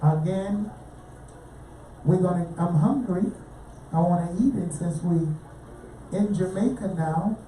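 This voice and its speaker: A woman's voice: takes it slowly, pauses often, mellow. A woman hosting a casual radio show, chatting with guests and asking for donations. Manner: chatty, asks questions, drifts into pitches for donations. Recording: roomy, distant mic, faint noise.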